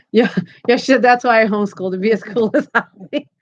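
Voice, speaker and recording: A woman's voice: a little high, brisk. Woman, thirties, crochet stream host, chatty, giggly, reads comments aloud, dull lo-fi stream sound. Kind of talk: casual live-stream chat. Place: home.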